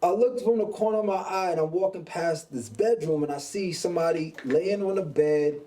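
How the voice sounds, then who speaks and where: A man from Brooklyn, hosting a podcast and telling a story in a casual, animated way, acting out the people in it. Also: high-pitched, brisk, far from the mic, slight background noise, low-quality recording. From Brooklyn, New York. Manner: animated, acts out quoted dialogue. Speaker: podcast host.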